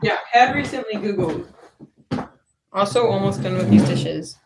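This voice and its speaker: A woman's voice: medium pitch, normal speed, heavy background noise. A woman hosting a casual chat at home, chatty and self-deprecating. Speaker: podcast host. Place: at home doing dishes.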